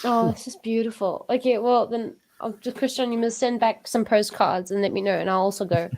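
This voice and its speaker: A woman's voice: on the high side, fairly even intonation, a little fast, a little mellow. Enthusiastic woman hosting a music chat. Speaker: host. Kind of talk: casual chat.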